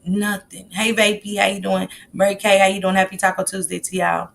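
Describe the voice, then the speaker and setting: A woman's voice: medium pitch, level tone, brisk, gravelly. A middle-aged woman hosting a casual livestream, greeting chat viewers by name in loose, slangy talk. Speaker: livestream host.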